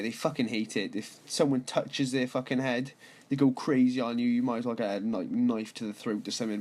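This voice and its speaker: Young guy, casual swearing storyteller, loose and rambling, mid-pitched. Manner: laid-back, sweary, rambling. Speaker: vlogger.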